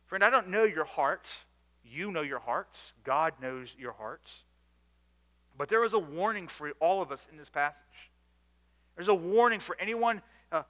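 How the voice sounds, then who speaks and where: A man preaching a sermon in a church, earnest and by turns emphatic and hushed. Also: long reverb tail. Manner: earnest, rising to emphatic bursts then dropping low. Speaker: pastor.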